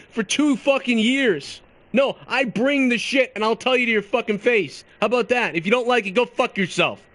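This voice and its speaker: Male podcaster mid-rant, high voice, aggressive and foul-mouthed. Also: animated, moderate pace, fairly bright tone. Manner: aggressive, swearing, sneering insults. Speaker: podcast host ranting in a played clip. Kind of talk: profane angry rant.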